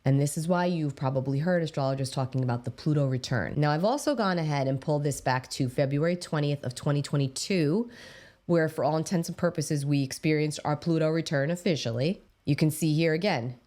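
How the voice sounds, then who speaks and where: A woman's voice: deep voice, fairly quick, a little mellow. A woman astrologer explaining to her viewers, stressing key words and addressing them directly. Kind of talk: explanatory talk to camera.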